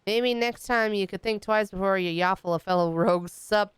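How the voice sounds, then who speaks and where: A woman's voice: medium pitch, drawn-out words, dry recording. Woman doing a hapless rogue lackey. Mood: grumbling. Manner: rough pirate slang. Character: hapless male rogue underling.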